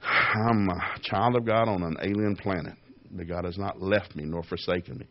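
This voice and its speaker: A man's voice: low voice, fairly even intonation, normal speed, dull audio, slight background noise. A man preaching a folksy, humorous sermon, firing off rhetorical questions, chuckling, and acting out little dialogues. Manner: plays out little dialogues, raising his voice for the voices of others.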